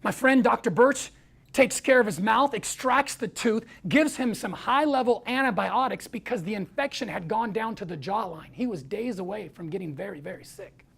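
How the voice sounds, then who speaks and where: A man telling a story to an audience, acting out the quoted voices with lively energy. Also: high voice, normal speed, creaky, breathy edge. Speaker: speaker.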